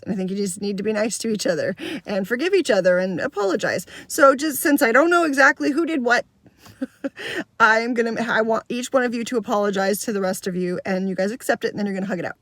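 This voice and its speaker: A woman in her fifties who directs children's theater tells a story in a casual vlog, animatedly acting out the kids' voices. Her voice is fairly high and a little fast, with no room sound.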